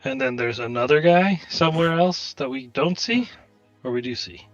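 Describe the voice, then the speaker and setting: A man's voice: mid-range voice, normal speed, a bit bright, no echo, muffled recording, faint music behind. A man playing in a tabletop game, checking the details of the scene and cracking dry jokes. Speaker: player. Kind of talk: casual tabletop play.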